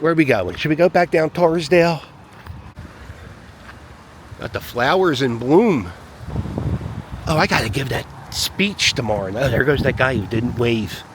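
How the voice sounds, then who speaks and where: A man's voice: mid-range voice, animated, moderate pace, long pauses, slight background noise. A man giving rambling, wry commentary to a handheld camera as he walks his dog down a city street. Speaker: vlogger walking his dog. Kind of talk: casual walking commentary.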